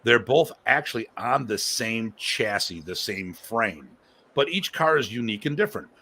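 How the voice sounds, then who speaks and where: A man's voice: mid-range voice, animated, normal speed, a crowd in the background. A man hosting a casual live-stream discussion as a martial arts instructor, rambling and emphatic, prone to launching into rants.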